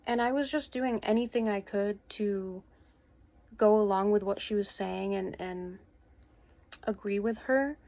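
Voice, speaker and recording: A woman in her twenties speaks to camera from her bedroom at home, telling a personal story. Her voice sits at an ordinary mid pitch. She talks in an earnest, halting way, pausing and starting sentences over as she goes. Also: mellow, no echo. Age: 20s. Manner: hesitant and earnest, with many pauses and restarts. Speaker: vlogger.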